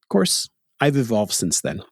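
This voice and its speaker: A man's voice: fairly low pitch, huge pitch swings, normal speed, breathy edge, no echo, clean studio sound. A middle-aged Canadian man hosting a podcast, telling stories in a casual, reflective chat and chuckling often. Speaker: podcast host.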